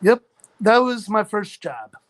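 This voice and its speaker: High-voiced man telling a workplace story. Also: sing-song, takes it slowly, fairly bright tone. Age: 40s. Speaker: chat room participant. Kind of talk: casual storytelling.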